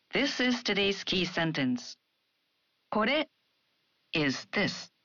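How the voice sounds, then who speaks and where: A woman teaching a language lesson in a clear, measured way, modeling words slowly. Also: medium pitch, fairly bright tone, no echo. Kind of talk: scripted lesson explanation. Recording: dry, dull studio sound.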